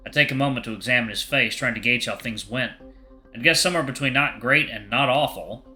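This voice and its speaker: A man's voice: mid-range voice, a little fast, pushed and bright, soft background music. A man narrating a visual novel aloud in the first person, with wry asides. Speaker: game streamer reading a visual novel.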